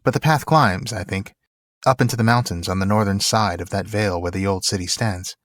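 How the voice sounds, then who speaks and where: A man's voice: on the low side, fairly quick, dry recording, close to an everyday voice. Earnest young traveler, read by a man. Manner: plain, careful reading. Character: earnest young male traveler, polite and cautious. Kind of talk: reading aloud from a novel.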